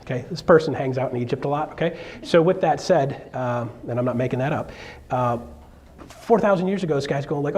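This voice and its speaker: A man, a realtor, giving an energetic, joking seminar talk on stage to a live audience. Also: mid-range voice, brisk. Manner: energetic, joking, with sudden loud bursts.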